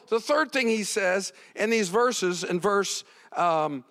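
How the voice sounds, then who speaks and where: A middle-aged man preaching a sermon as a pastor. He swings from hushed to loud, often repeating and restarting his words. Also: high voice, animated, slow, hardly any pauses, big-room sound.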